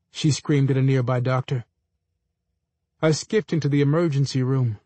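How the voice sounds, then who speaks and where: A man reading a first-person story aloud in a measured, dry storytelling manner. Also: mid-range voice, a little mellow, no echo. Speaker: narrator.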